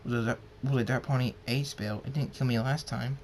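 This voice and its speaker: A man voicing a proud, hot-tempered male pony king in a read-aloud fan story, talking gruffly and commandingly. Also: medium pitch, fairly even intonation, a little fast, slight background noise, natural voice. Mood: stern.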